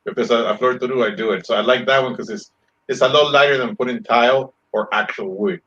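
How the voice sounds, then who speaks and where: A man's voice: mid-range voice, steady tone, fast, a bit bright. A man chatting casually as a guest on a live stream, rambling with many fillers. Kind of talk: casual chat. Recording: dull lo-fi sound.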